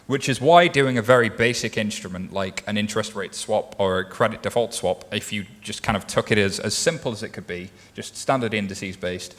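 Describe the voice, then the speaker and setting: A man's voice: fairly low pitch, brisk, hardly any pauses, a bit bright. A man in his thirties speaking on a conference panel, explaining things patiently with everyday comparisons. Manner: explanatory, uses everyday analogies.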